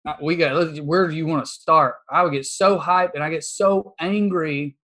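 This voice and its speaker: A man's voice: on the high side, fairly even intonation, moderate pace, fairly bright tone. Fired-up Appalachian man, swearing freely. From Appalachia, East Tennessee. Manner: fired-up, profane, emphatic. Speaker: comedian guest. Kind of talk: casual podcast chat.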